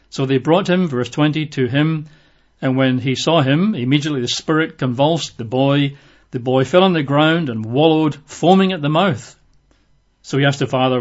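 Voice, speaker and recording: A man's voice: mid-range voice, normal speed. A man preaching a sermon in a conversational way, acting out the voices he quotes. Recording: dull lo-fi recording.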